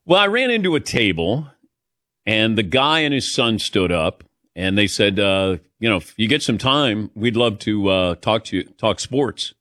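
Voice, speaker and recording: A man hosting a casual talk show, telling stories with lively delivery and frequent laughs. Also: lowish voice, moderate pace, no echo, studio quality. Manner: storytelling, animated, laughs often. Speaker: sports talk show host. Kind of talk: casual radio show chat.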